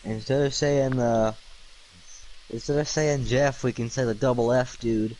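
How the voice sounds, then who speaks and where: A man's voice: medium pitch, steady tone, unhurried, darkish tone, a little hiss or hum, low-quality recording. A tired man streaming late at night, rambling through goofy wordplay with lots of ums and uhs. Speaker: livestreamer.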